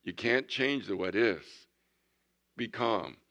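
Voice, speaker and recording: A man in his sixties preaching a folksy sermon, swinging from loud bursts to hushed tones. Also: fairly low pitch, takes it slowly. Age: 60s. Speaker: pastor.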